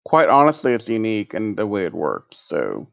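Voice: low voice, wildly swooping pitch, normal speed, gravelly. A podcast co-host giving short reactive replies and dry remarks in casual chat. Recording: dry, dull lo-fi audio.

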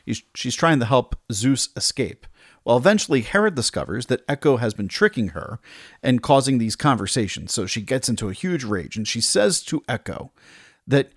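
A man's voice: mid-range voice, sing-song, moderate pace, dry recording, studio quality. Man casually retelling an old myth. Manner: conversational, with asides and restarts. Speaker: storyteller.

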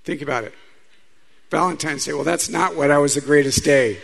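A man's voice: on the high side, fairly quick, creaky, a little hiss or hum. A man, a Catholic priest, preaching a sermon in a conversational style, telling stories and speaking asides to the audience.

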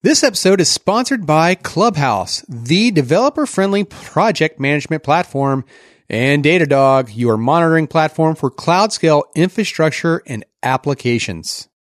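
A man's voice: a little high, lively intonation, normal speed, dry recording, clean studio sound. A man co-hosting a podcast, rambling in casual chat with lots of filler words. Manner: rambling, filler-heavy with many "like"s. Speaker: podcast co-host.

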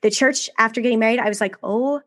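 Candid woman telling her story, slightly high voice. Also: very fast. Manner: candid, animated storytelling with frequent asides. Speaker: podcast guest. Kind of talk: conversational interview storytelling.

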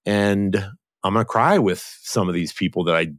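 A man hosting a podcast interview, talking casually in a warm, halting way with many fillers. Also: deep voice, dry recording, studio quality. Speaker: podcast host.

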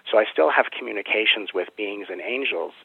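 A man's voice: fairly low pitch, brisk, gravelly, slightly rough, dry recording. A man answering interview questions in earnest, flowing explanations about spiritual matters. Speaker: spiritual teacher and guest. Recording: tinny phone-like line.

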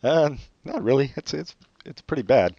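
A man co-hosting a podcast in casual chat, joking in a sarcastic, deadpan way. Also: medium pitch, moderate pace, gravelly, no room sound, muffled recording. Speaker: podcast co-host.

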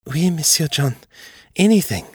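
A man voicing a young, devoted French maid in a higher, breathy, pleading voice with a French accent. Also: very animated, normal speed, a little mellow, no room sound, clean studio sound, exaggerated voice. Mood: eager.

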